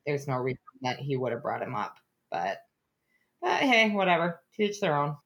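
Lively co-host, woman, bright and expressive, quick to laugh. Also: sits low. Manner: animated, laughs often. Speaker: book podcast co-host. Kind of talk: casual chat.

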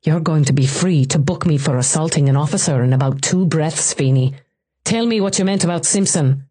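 A man's voice: a little high, fairly quick, dark tone, breathy edge. A woman voicing a proud, wounded Irish man in an audiobook with an Irish accent, with a bitter, demanding manner.

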